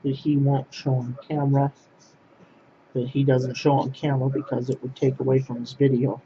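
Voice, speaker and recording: A man's voice: medium pitch, little pitch movement, normal speed, dark tone, dull audio, a little hiss or hum. A man ranting casually to camera in a vlog, blunt and repetitive, often restarting his phrases. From Poland. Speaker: vlogger.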